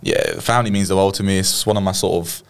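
A young Englishman talks fast and easily, with a lowish voice. He chats casually as a podcast guest, laughing often and slipping into playful voices when he retells a story. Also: steady tone, vocal fry, clear, resonant tone. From England. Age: young adult. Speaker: guest rugby league player.

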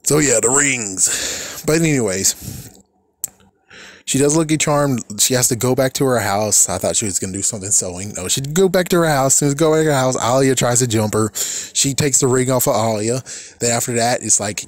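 A man's voice: mid-range voice, expressive, a little slow, no echo. Exasperated man ranting, dry sound. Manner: exasperated, profane, laughing at the characters. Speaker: cartoon reaction commentator. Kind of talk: casual episode recap and rant.

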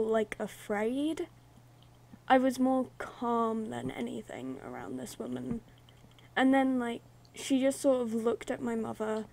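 A woman's voice: on the high side, a little mellow. Chatty woman telling ghost stories. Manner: chatty, rambling storytelling with many "like"s. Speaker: YouTube host. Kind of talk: casual ghost-story vlog chat.

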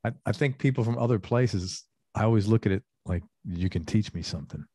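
A man's voice: on the low side, fairly quick, mellow, husky, no echo, studio quality. A man hosting an interview, asking enthusiastic, rambling questions in a casual way. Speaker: interview host.

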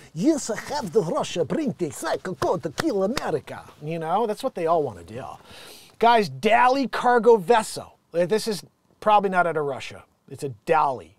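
Male comedy news host, high, lively voice, rambling jokey riffs. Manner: rambling, jokey, jumps between loud and muttered asides. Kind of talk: riffing comedy commentary on news.

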